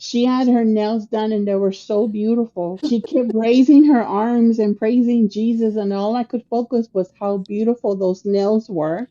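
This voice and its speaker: A woman casually telling family stories on a podcast, animated and acting out the people she quotes, with Spanish words mixed in. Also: on the high side, dull audio. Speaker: podcast co-host sharing family memories. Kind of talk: casual storytelling.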